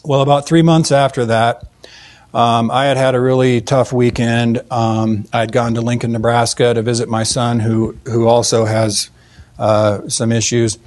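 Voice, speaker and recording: A man telling a faith testimony in an earnest, halting way, with many fillers and restarts. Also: medium pitch, flat delivery, a little mellow. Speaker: Christian speaker telling a testimony. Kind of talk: storytelling testimony.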